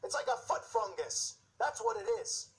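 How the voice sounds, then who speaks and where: A man's voice: very high-pitched, normal speed, low-quality recording. A man hosting his own show, delivering an agitated, indignant religious commentary rant with mocking asides. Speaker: show host.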